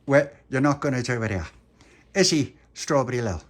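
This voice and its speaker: A man's voice: medium pitch, animated, normal speed, lightly acted. A man voicing a brave little boy playing a cowboy hero, stammering with earnest bravado.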